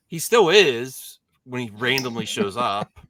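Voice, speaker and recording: A man co-hosting a casual chat, halting and restarting his thoughts. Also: mid-range voice, expressive, fairly bright tone, a little hiss or hum. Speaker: co-host.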